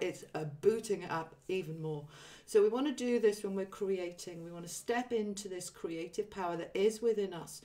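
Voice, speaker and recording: A woman with a fairly low voice hosts a spiritual livestream at a moderate pace, her mic set at a distance. Casual and chatty, she uses lots of ums and reads comments from her audience aloud.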